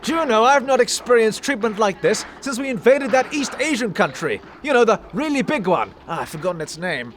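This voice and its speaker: A pompous, blustering upper-class British army officer, played by a man, with a clipped, posh English accent. His voice sits very high and swings about with lively pitch. Faint outdoor noise hums behind him. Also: brisk, few pauses. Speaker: comedy sketch actor. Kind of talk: comedy sketch acting.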